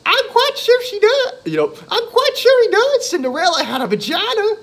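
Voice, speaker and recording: A man voicing a flustered woman caller in a high falsetto, laughing through her lines. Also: wildly swooping pitch, moderate pace, fairly bright tone, heavily acted. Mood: giggly.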